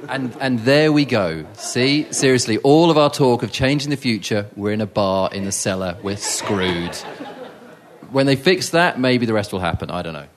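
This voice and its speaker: A man's voice: medium pitch, lively intonation, normal speed, slight background noise. A man moderating a conference panel, making jokey asides. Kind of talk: panel discussion.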